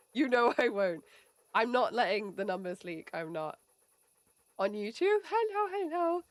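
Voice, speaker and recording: A woman's voice: mid-range voice, dry recording. A woman in her late twenties with an English accent, chatting casually with her stream viewers, laughing often and swearing freely. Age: late 20s. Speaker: livestreamer.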